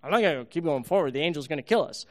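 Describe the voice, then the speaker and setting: A man's voice: on the high side, expressive, rapid-fire, darkish tone, close to an everyday voice. A man voicing a stubborn, sensible talking donkey in a church story, with earnest, plain pleading. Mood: alarmed.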